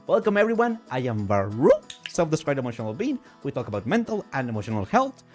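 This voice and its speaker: Male streamer, fairly high voice, emotional and excitable, faint music behind. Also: normal speed. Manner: emotional, excitable, with sudden high-pitched outbursts. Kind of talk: casual live-stream chat while gaming.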